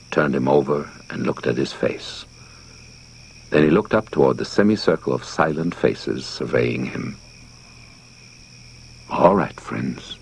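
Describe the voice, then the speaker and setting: Deep gravelly male audiobook narrator. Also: slight background noise. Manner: theatrical, expressive.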